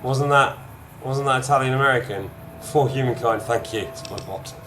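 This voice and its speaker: A man giving excitable, chatty let's-play commentary while gaming, addressing viewers. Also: mid-range voice, normal speed, noisy background. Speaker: gamer streamer. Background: game music.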